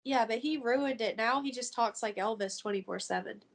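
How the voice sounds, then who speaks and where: A woman's voice: fairly high pitch, moderate pace. Wry woman in casual book chat. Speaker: book club member.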